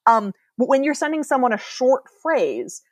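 A woman's voice: high voice, very animated, no echo. Dry-sounding woman explaining eagerly. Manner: explanatory, quick, many fillers and laughs. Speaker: guest author, linguist. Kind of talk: casual podcast chat.

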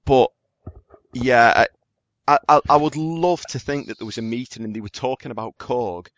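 A man's voice: medium pitch, normal speed, a bit bright, no echo. A man, co-hosting a casual podcast, swearing and telling stories with jokey impressions. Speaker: podcast co-host. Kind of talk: casual chat. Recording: dry, dull lo-fi audio.

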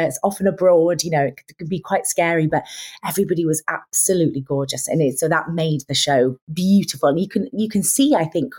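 Low-voiced actress, effusive and enthusiastic in chat. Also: female voice, darkish tone, husky. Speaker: actress guest. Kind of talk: casual interview chat.

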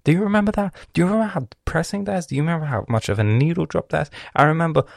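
A man from Lebanon delivering a profane comedic rant, swearing constantly and swinging from loud outbursts to hissed whispers. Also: on the high side, racing, gravelly, no room sound, clean studio sound.

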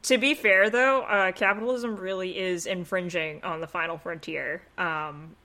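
Woman cohosting a podcast, lowish but bright voice, sarcastic and crude. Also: steady tone, moderate pace. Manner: sarcastic, crude, rants with mocking quotes. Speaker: podcast co-host. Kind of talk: casual chat.

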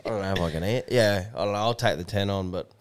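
Relaxed Australian man, low smooth voice. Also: fast talker. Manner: relaxed, short agreeing replies, swearing. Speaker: podcast co-host. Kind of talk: casual chat.

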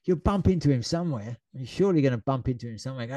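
A man's voice: medium pitch, rapid-fire, no room sound. A man chatting casually as a podcast co-host, telling stories with laughs and acted-out quotes. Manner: animated storyteller, acts out quotes with shouts and laughs. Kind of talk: casual chat.

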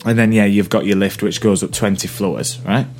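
A podcast co-host from Burnley, England, with a Lancashire accent, chats casually and tells rambling stories, restarting often. His voice is lowish and darkish, with fairly even intonation and a moderate pace, over soft background music.

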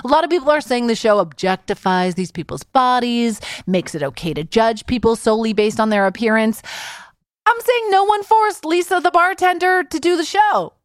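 Jokey high-voiced woman podcast host. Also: moderate pace, no echo, studio quality. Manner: animated, jokey, sarcastic. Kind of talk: comedic podcast monologue.

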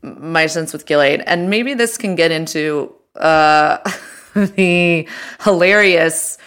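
A woman's voice: low voice, slow, fairly bright tone, clean tone. A woman co-hosting a podcast, chatting casually with lots of fillers and restarts. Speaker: podcast co-host. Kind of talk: casual chat.

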